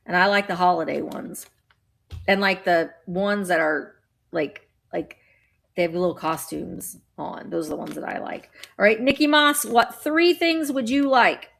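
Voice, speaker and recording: A woman's voice: fairly low pitch, expressive, a little slow, creaky, a bit bright. A woman chatting casually while running a live vintage auction, bubbly and playful with sing-song noises.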